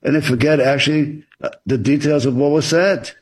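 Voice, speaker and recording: Husky-voiced man giving earnest advice. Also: on the high side, fairly quick. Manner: earnest and advisory, acts out example dialogue. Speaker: author and interview guest. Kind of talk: explanatory interview talk.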